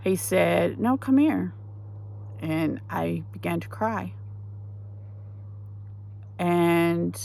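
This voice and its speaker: In a fairly low, creaky voice, a woman offers a ministry her emotional personal testimony. She falters as she goes, frequently beginning her sentences again.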